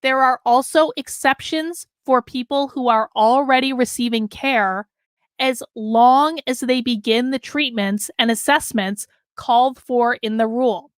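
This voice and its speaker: A woman's voice: on the high side, unhurried, dry recording, clean studio sound. A woman hosting a live commentary stream, emphatic and losing her voice, reading out and answering chat. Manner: emphatic, talks with her hands. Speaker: host.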